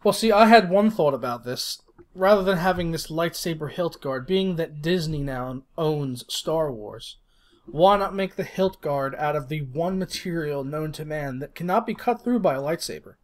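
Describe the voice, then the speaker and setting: A young man co-hosting a podcast, chatting casually, relaxed, laughing and swearing now and then. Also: fairly high pitch, normal speed. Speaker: podcast co-host. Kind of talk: casual chat.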